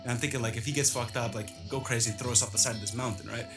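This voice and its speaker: A man's voice: medium pitch, fairly even intonation, rapid-fire, music in the background. A man telling a personal story casually, rambling with lots of fillers.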